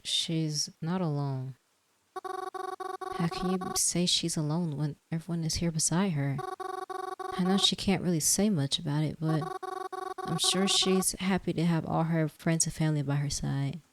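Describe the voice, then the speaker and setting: A woman reading the lines of a kind young woman at a funeral in a game, soft-spoken and reassuring. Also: low-pitched, moderate pace, lightly acted. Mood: consoling. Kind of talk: reading game dialogue aloud.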